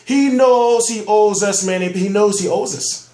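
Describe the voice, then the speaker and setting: A man rants about boxing in a heated, profane vlog, hammering his points home. His voice sits somewhat high and sounds amped up. The room around him echoes. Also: normal speed, darkish tone. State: amped up on soda. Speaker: boxing news commentator. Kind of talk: ranting vlog commentary.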